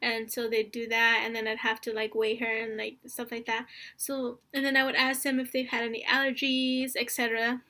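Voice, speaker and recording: On the high side and pushed and bright, this young vlogger's voice is completely flat in delivery at normal speed. She rambles earnestly through a casual story, packed with "like" and "honestly," emotional and nearly crying.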